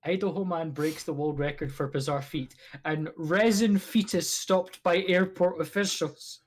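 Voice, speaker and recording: A man's voice: a little high, a little slow. A Scottish man co-hosting a podcast, chatting casually, laughing along and swearing now and then. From Scotland. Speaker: podcast co-host. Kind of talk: casual chat.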